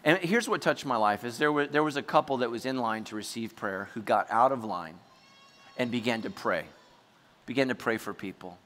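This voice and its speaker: A man preaching a sermon, telling a story with animated energy and sudden shouts. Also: mid-range voice, fairly quick, big-room sound. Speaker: pastor.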